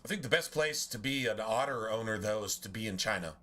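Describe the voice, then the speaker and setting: A man's voice: on the low side, animated, brisk, bright, forceful tone. A man giving blunt, profane, rambling commentary while streaming a video game. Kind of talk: casual gameplay commentary.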